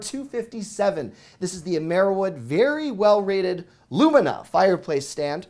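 Hyped-up guy in his 30s firing off deal prices like an auctioneer, sweating a bit. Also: high voice. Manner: excited, rapid auctioneer-like patter. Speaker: deals show host. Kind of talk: fast product deal rundown.

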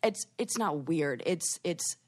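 A woman co-hosting a podcast in casual chat, rambling with lots of fillers and restarts and jumping up in pitch when she quotes herself. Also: takes it slowly. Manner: lively, jumps up in pitch for quoted asides. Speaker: podcast co-host.

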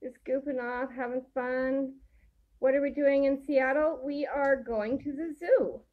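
A woman's voice: high voice, fairly even intonation, unhurried, narrow, tinny audio, slight background noise. A woman co-hosting a casual vlog, upbeat and laughing, reading out viewer comments. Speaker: vlog co-host. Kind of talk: casual chat. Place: hotel room.

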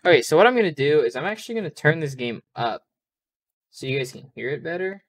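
A man playing a video game, reading its texts aloud and reacting in a quick, jumpy way. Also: fairly high pitch, sing-song, no echo. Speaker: let's play gamer. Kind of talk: casual game commentary.

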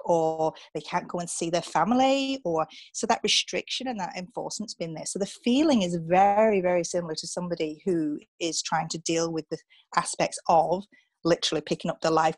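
A woman's voice: fairly low pitch, dry recording. A woman, a relocation coach, giving upbeat advice in a casual interview. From England. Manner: upbeat, animated, coaching asides.

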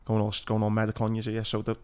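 A man's voice: on the low side, completely flat delivery, very fast, a little mellow, clear, resonant tone. A man speaking frankly and bluntly, with plenty of swearing, in a casual podcast chat.

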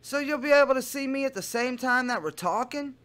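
A man playing a smarmy adult man sweet-talking online, with a slow, doting, syrupy delivery. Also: extremely high pitch, fairly bright tone, smooth, voice pushed up.

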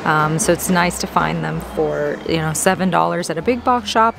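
A woman plant vlogger chatting casually as she browses a big box store garden center, easily excited. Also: sits low, moderate pace, vocal fry, background noise. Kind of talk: casual walk-through narration.

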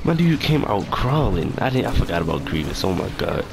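A young man talks over his gameplay in a lowish voice that leaps around in pitch as he yelps and cusses at what happens on screen. It is loose, casual commentary from a gaming channel, and game music plays behind him throughout. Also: sing-song, fairly quick, gravelly. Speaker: gaming YouTuber.

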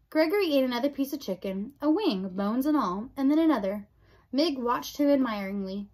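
A woman reading a children's novel aloud in an expressive storybook narration. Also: high-pitched, brisk, poor audio. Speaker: audiobook reader.

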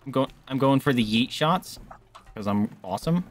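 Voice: medium pitch, animated, normal speed, a little hiss or hum. A gamer in casual banter on a co-op stream, teasing the partner and swearing freely. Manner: joking, teasing, frequent swearing.

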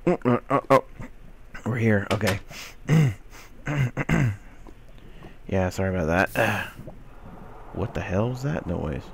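Casting: young male gamer with a gravelly voice and a lively, up-and-down pitch, slow rambling delivery. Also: slight background noise. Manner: rambling, talks to himself, swings between mock whining and mumbling. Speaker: gaming video host. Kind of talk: casual gameplay commentary.

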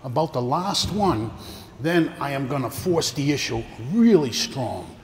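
A man's voice: medium pitch, sing-song, a little slow, a little hiss or hum. An older man teaching a karate seminar, explaining techniques and walking his students through partner drills. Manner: coaching, talks through demonstrations with partners. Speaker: karate instructor. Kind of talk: teaching a martial arts seminar. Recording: echoey hall with long reverb, faint ambience.

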